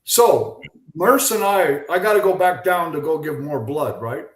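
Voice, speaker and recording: An older man, a former pitcher, telling animated stories as a guest on a video call. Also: measured pace, roomy sound. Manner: animated anecdotes, acts out quoted voices. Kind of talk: casual storytelling.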